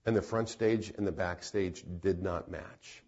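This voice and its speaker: A man's voice: deep voice, steady tone, unhurried, a little mellow, breathy edge, dull audio. A man preaching a sermon as a pastor, telling a story in an earnest way and repeating phrases for emphasis.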